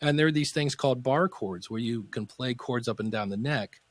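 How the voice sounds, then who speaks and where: A man's voice: medium pitch, normal speed, no room sound. A man in his fifties telling stories as a podcast guest, acting out the voices of people in them. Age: 50s. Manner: animated storyteller acting out quoted voices. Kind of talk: casual interview storytelling.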